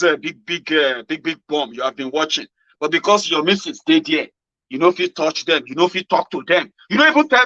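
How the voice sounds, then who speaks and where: A man with a Nigerian accent, mixing in Pidgin, giving a casual motivational monologue as a host. He swings from loud exclamations to low murmurs. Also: dry recording. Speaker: political commentary host. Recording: dull lo-fi sound.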